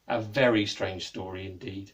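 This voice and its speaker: A man voicing an enchanted young man in a told story, speaking slowly and gravely. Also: lowish voice, steady tone, far from the mic, voice pushed down, lightly acted.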